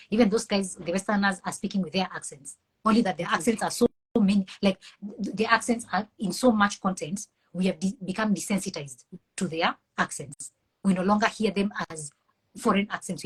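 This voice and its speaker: Speaking in a husky, medium-pitched voice, a woman with a Kenyan accent who works in mental health answers questions in a conversational interview. The recording is rough, and her delivery is earnest, heartfelt, and preachy.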